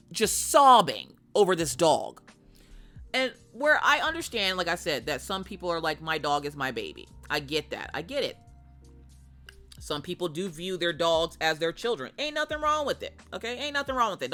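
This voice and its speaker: A woman in her thirties telling a story in a blunt, animated way as a streamer. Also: lowish voice, fairly quick, soft background music. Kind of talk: casual storytelling.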